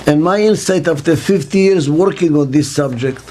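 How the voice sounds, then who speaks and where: An older man giving an interview as a business consultant, speaking slowly and emphatically and repeating key words for stress. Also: fairly high pitch, darkish tone. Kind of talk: reflective interview monologue. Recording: faint music underneath.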